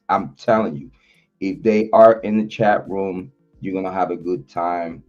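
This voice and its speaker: Low-voiced man hosting a casual livestream. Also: a little slow. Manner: loose, slangy, repetitive shout-outs. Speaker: livestream host. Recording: dull lo-fi audio, faint music.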